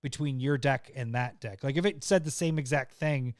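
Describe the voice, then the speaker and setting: A man co-hosting a casual podcast chat, laughing often, excitable, often trailing off mid-sentence. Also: medium pitch, normal speed, no room sound, studio quality. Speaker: podcast co-host.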